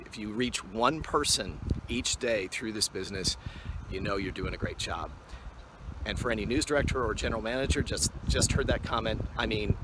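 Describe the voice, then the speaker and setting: A man in his fifties, a TV weather forecaster, giving a relaxed acceptance speech full of anecdotes, recorded on a phone on a selfie stick outdoors on a mountain. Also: fairly low pitch, background noise. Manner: relaxed storyteller with frequent "uh". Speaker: award honoree, TV weather forecaster.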